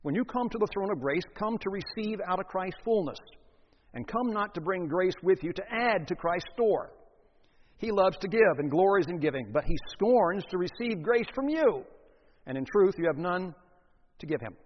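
A man's voice: high-pitched, lively intonation, moderate pace. A man preaching an expository sermon as pastor, earnest, with emphatic rises on key phrases. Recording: dull sound with long hall reverb.

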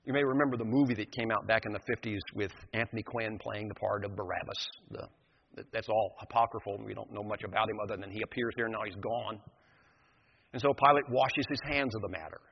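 A man's voice: on the low side, fairly even intonation, a little fast, vocal fry, slight background noise. An older man preaching a sermon, retelling a scripture story with vivid, emphatic storytelling. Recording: dull lo-fi sound in a reverberant hall.

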